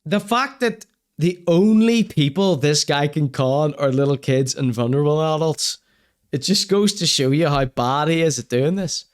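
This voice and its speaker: A man's voice: a little high, moderate pace. A man hosting a livestream, sarcastically commenting on videos he plays for his audience. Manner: sarcastic, mocking, swearing. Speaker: show host reacting to videos.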